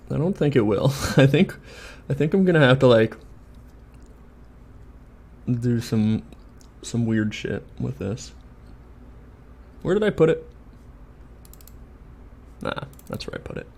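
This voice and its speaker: Gravelly laid-back man. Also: medium pitch, expressive, measured pace, pauses often, a little mellow. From Canada. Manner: muttering to himself, laid-back, thinking aloud. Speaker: game developer streamer. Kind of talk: casual live-stream commentary while 3D modeling.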